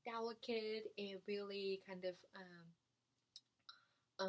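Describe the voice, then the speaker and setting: Slow, hesitant woman flute teacher. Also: medium pitch, steady tone, muffled recording. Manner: slow, hesitant, many fillers. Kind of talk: beginner music lesson.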